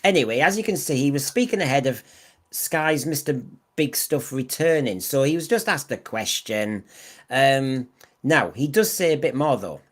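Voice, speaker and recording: A man's voice: mid-range voice, lively intonation, normal speed. A man hosting a podcast in casual discussion, who often repeats words and restarts his sentences. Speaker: podcast host.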